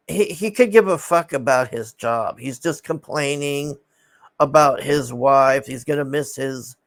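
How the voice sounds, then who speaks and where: Guy rambling thru a movie recap, mid pitch, annoyed, swears a lot, dry close sound. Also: fairly bright tone, no room sound. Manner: rambling, exasperated, swears often.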